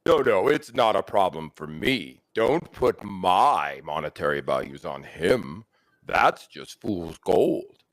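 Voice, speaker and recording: A man's voice: sits low, sing-song, slow, no echo, full character voice, rough recording. A man voicing a haughty, wealthy young lord who speaks pompously and brushes off talk of money. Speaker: tabletop player.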